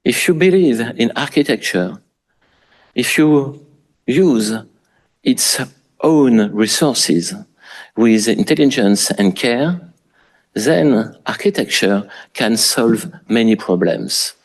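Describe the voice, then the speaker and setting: A man with a French accent, a native French speaker, giving an architecture lecture in English with frequent pauses and restarts. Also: mid-range voice, lively intonation. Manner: halting, many fillers and restarts. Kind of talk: public lecture.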